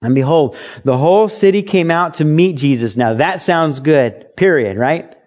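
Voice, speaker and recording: A man's voice: on the high side, animated, normal speed, a little mellow. Conversational middle-aged male pastor preaching. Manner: conversational, acts out quoted lines, reads scripture aloud. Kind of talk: sermon.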